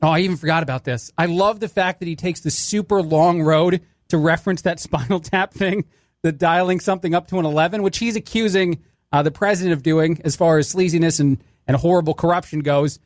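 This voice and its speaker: A man's voice: fairly high pitch, brisk, dry recording, studio quality. A man hosting a talk radio show, giving wry, opinionated commentary on the clips he plays. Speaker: fill-in radio host.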